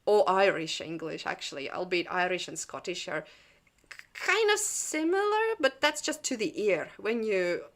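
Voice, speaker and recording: A woman's voice: mid-range voice, lively intonation, moderate pace. A young woman hosting a casual livestream chat, rambling with jokey asides and frequent laughs. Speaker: channel host.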